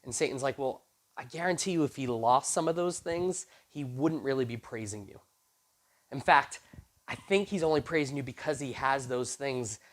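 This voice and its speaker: A man's voice: mid-range voice, moderate pace. A man preaching to a youth group, retelling a Bible story casually and acting out the characters' lines. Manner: animated, acts out quoted characters with casual slang. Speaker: youth pastor.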